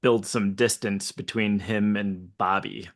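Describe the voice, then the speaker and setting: Low slow guy calling out his rolls, measured. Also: steady tone. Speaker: player. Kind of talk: tabletop game chat.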